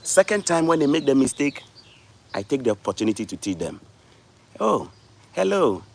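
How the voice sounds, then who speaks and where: A man's voice: mid-range voice, sing-song, fast talker, a little mellow. Emphatic man. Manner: lecturing, emphatic, repeats words for stress. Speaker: livestream host. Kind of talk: casual livestream monologue.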